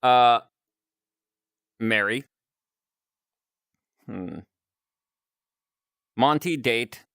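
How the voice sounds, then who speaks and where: A man's voice: mid-range voice, extremely slow, vocal fry, long pauses, a bit bright, clear, resonant tone, no echo, clean studio sound. A man chatting casually on a live stream, rambling and chuckling between remarks.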